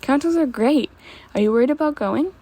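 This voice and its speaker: A woman's voice: sits high, expressive, a little fast, mellow, voice pushed up. A woman reading the lines of a friendly young woman checking on a friend, in a chirpy way.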